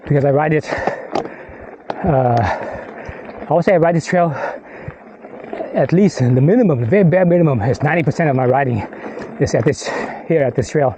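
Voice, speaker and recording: A man's voice: on the high side, expressive, brisk, lo-fi sound. A man vlogging as he rides a mountain bike outdoors on a rocky trail, out of breath from the climb, rambling and swearing under his breath. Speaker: mountain biker filming his ride. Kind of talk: casual ride vlog talk. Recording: clear wind and rattle noise.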